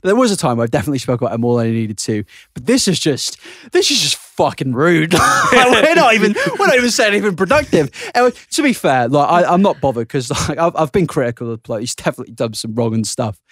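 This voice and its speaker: Giggly British guy with lively pitch. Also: fast, hardly any pauses, dry recording, studio quality. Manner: giggly, swearing, restarts sentences. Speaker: podcast host. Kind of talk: casual chat.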